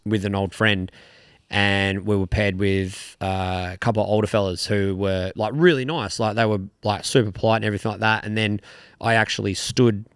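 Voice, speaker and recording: A man's voice: fairly low pitch, steady tone, normal speed, smooth, dry recording, clean studio sound. A young Australian man co-hosting a podcast, chatting casually in a rambling, laid-back way, swearing now and then. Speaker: podcast co-host. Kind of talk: casual chat.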